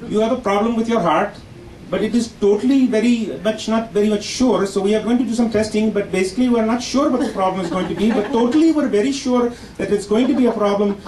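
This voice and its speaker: Comedian doing a high-voiced, rambling Indian-accented doctor, heard in an echoey club. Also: male voice, quick pace, darkish tone, slight background noise, close to an everyday voice. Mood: muddled. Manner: rambling, repeats "basically" and "totally". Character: muddled male doctor, rambling and unsure.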